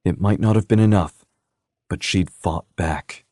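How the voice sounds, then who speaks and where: A man narrates an audiobook in a measured, even storytelling manner, reading scripted narration. His voice is deep, and the recording is dry and clean, with studio sound.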